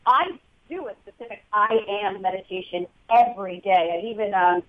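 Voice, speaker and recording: A woman's voice: medium pitch, moderate pace, narrow, tinny audio. A woman talk-show host with a New Jersey accent asks questions in a chatty, enthusiastic way. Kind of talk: casual interview chat.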